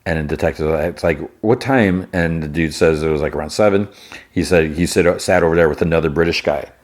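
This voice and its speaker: A man's voice: rumbling low, steady tone, quick pace. A man hosting a podcast, casually recapping an episode and thinking aloud as he retells the scenes. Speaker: podcast host.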